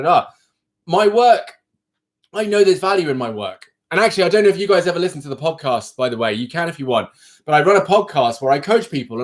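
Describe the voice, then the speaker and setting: A man who coaches people, hosting a live stream and frankly ranting straight to his viewers in casual chat. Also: a little high.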